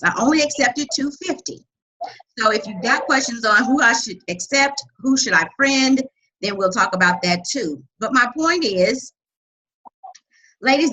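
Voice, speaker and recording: A woman hosting a live webinar as a coach, talking loudly and energetically and reading out viewers' chat comments. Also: mid-range voice, breathy edge, low-quality recording.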